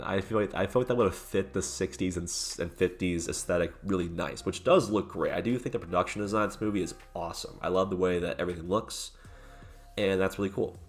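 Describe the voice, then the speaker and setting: Low-voiced man rambling a movie review. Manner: rambling, heavy "like" and "uh" fillers, swearing. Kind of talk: casual spoken review.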